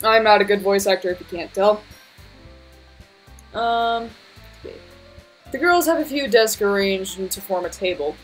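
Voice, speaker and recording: A woman's voice: medium pitch, unhurried, long pauses, faint music behind, rough recording. A woman streamer reading a visual novel aloud, casual and swearing freely with self-mocking asides.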